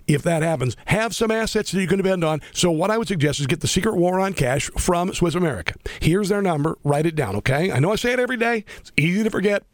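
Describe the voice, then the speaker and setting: A man's voice: sits high, animated, no room sound. Combative man hosting talk radio. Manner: combative, sarcastic, rapid with repeated restarts. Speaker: radio talk show host. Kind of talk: political talk radio monologue.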